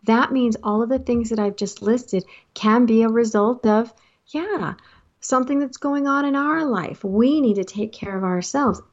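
A woman's voice: medium pitch, dull audio. A married woman hosting a motivational talk, advising listeners earnestly and laughing now and then at her own points. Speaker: host.

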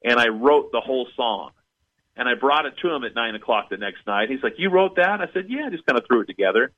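A man's voice: mid-range voice, expressive, fast talker, narrow, tinny audio. A man telling a long personal story as a guest in an interview, acting out the people he quotes. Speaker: guest musician.

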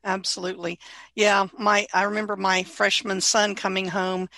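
Middle-aged woman host, agreeable, bright voice, dry mic. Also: mid-range voice, level tone, normal speed, vocal fry, dry recording. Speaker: podcast host. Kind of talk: casual interview.

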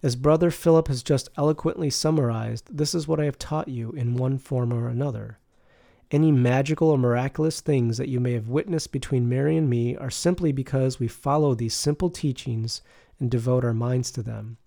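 A man voicing a serene, patient male spiritual teacher who speaks slowly and tenderly, like preaching. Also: mid-range voice, creaky, dark tone, dry recording, studio quality, natural voice.

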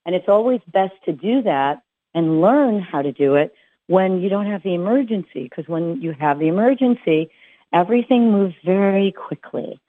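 A woman's voice: mid-range voice, animated, moderate pace. Chatty woman dog trainer on a tinny line. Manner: chatty, with many fillers and restarts. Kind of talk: casual advice talk. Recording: tinny phone-like sound.

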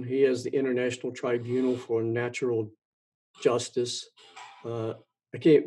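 A man's voice: mid-range voice, dark tone, breathy edge. A man hosting his own show, talking in a rambling monologue, stumbling and repeating words with many ums. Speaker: podcast host.

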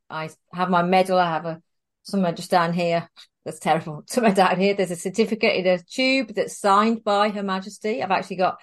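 A woman guest in an interview, telling a story in a chatty, animated way and laughing often. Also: medium pitch.

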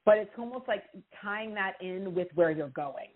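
A woman's voice: medium pitch, normal speed. Emotional woman reading callers, phone sound. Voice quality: expressive, emotional, reassuring. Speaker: intuitive reader answering callers. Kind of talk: live call-in reading. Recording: tinny phone-line sound.

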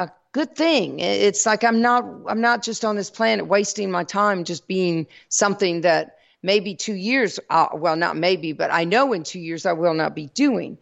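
Gravelly Southern woman giving a spiritual talk. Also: fairly low pitch. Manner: folksy, addresses listeners as y'all. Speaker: host. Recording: dull lo-fi recording.

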